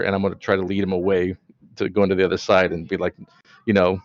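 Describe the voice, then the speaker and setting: Hesitant low-voiced man, dull dry mic. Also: steady tone, fast, no echo. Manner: hesitant, rambling, giggly. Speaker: player. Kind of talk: casual tabletop play.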